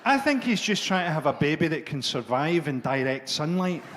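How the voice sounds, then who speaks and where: A middle-aged man doing a dark, sardonic stand-up set, swearing freely. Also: a little high, big pitch swings, moderate pace, slight background noise. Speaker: stand-up comedian.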